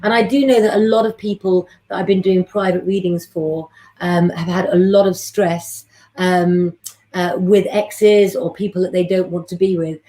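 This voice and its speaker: A woman's voice: fairly low pitch, fairly even intonation, moderate pace. A woman, hosting a live astrology stream and chatting with viewers in a rambling way. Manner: warm, chatty, rambling, gives readings to viewers by name.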